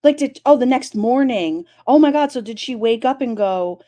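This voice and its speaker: A woman chatting casually on a live stream, animated and incredulous, often exclaiming. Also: fairly high pitch, moderate pace, hardly any pauses. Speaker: streamer talking true crime.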